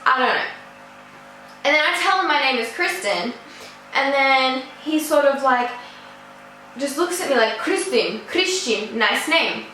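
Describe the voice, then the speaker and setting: A woman's voice: high voice, lively intonation, a little slow, long pauses, sharp tone, faint music behind. A teenage girl, telling a story in a chatty, rambling way full of fillers. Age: teens. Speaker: vlogger. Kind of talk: casual storytime. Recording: echoey room.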